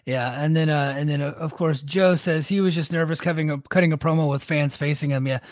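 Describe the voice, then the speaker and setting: A man's voice: a little high, steady tone, a little fast, darkish tone, no room sound, studio quality. A man co-hosting a podcast in casual talk, easygoing and agreeable, with many fillers. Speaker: podcast co-host.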